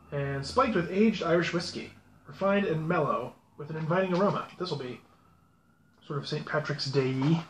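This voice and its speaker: A man hosting his own channel, chatting casually and rambling with self-deprecating asides as he unboxes things. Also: a little high. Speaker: pipe-smoking channel host. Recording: echoey room with faint background noise.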